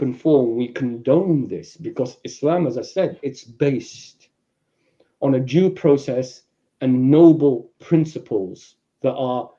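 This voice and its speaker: A man with a London accent explaining at length on a podcast, acting out quoted people in raised, animated voices. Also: medium pitch, dull audio. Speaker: guest speaker. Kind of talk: podcast discussion, lecturing.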